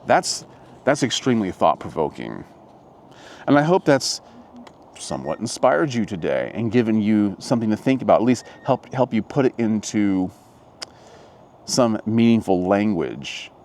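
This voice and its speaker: A man's voice: on the low side, a little mellow. A man vlogging outdoors in a casual, reflective monologue, musing and rambling with frequent restarts. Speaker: motivational vlogger.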